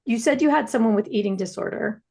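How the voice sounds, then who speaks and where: Woman, practitioner, panel storytelling, fairly high, gravelly. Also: fast. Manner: animated storyteller, swings pitch widely.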